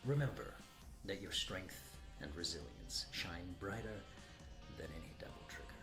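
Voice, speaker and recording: A speaker reading a dramatic birthday tribute in a solemn manner, trailing off into breathy whispers. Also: sits low, expressive, moderate pace, music in the background.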